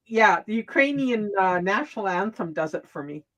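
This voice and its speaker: A woman talking in a casual opinion chat, halting and restarting often, with frequent laughs. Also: mid-range voice, animated, dull audio, a crowd in the background.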